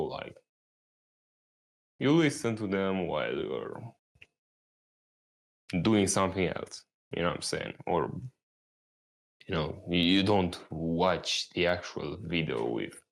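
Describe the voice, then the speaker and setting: A man's voice: low-pitched, animated, a little slow, creaky, long pauses. A young man rambling casually as a vlogger, laid-back and meandering, swearing now and then. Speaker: YouTuber. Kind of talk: rambling casual vlog talk.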